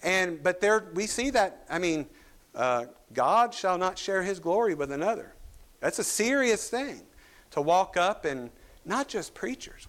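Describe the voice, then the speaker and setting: A man with a Kentucky accent preaching a sermon as pastor, animated, with emphatic rises and some fillers. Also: high-pitched, unhurried.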